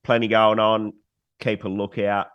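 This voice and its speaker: Relaxed joking man, lowish voice. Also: measured pace, clear, resonant tone, no echo, lo-fi sound. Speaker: podcast host. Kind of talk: casual chat.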